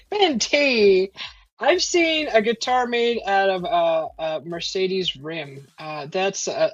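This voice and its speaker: A woman's voice: medium pitch, dry recording. A woman hosting a casual live stream from home, reading out chat messages and rambling with many fillers and restarts. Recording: dull lo-fi stream audio.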